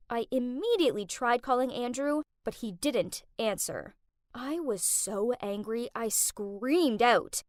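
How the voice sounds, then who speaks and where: A woman narrating an animated story in a dramatic, emphatic storytime style. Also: fairly high pitch, no room sound, studio quality. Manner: emphatic, expressive.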